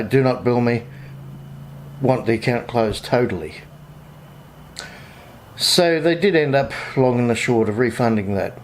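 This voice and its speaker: A man's voice: mid-range voice, darkish tone. Indignant Australian man telling a story. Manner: indignant storytelling, retelling phone calls in his own voice. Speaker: vlogger. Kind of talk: casual vlog update.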